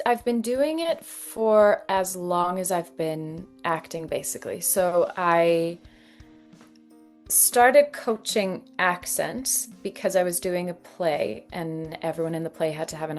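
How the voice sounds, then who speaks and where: A Canadian woman in her thirties, an actress and dialect coach telling her story in an interview, lively and often laughing. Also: on the low side, measured pace, faint music behind. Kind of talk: conversational interview.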